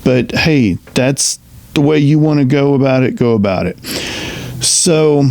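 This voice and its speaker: A middle-aged man, a retired veterans' representative, speaking earnestly in a halting personal monologue full of restarts. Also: medium pitch, darkish tone. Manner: earnest, halting storyteller with many restarts and fillers.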